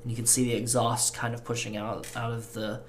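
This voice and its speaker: A man as game master, narrating a tabletop role-play scene in a slow, halting, descriptive way. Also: medium pitch, level tone, slight background noise.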